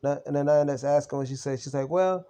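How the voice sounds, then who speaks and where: A young man with a mellow, dark-toned voice talks straight to camera in an unscripted vlog. He tells his story heatedly, full of blunt slang and swearing, without stopping. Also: medium pitch, completely flat delivery, fast, smooth. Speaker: vlogger on recovery from narcissistic abuse. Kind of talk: unscripted personal venting to camera.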